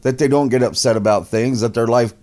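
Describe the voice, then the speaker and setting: A man's voice: mid-range voice, steady tone, a little fast, darkish tone. A man casually mocking a news story as a podcast host, laughing often and repeating himself. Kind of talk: casual opinion commentary.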